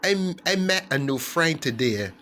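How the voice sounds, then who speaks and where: A man voicing a curious, excited little boy frog in a spoken storybook fable. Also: on the high side, unhurried, a little hiss or hum. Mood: eager.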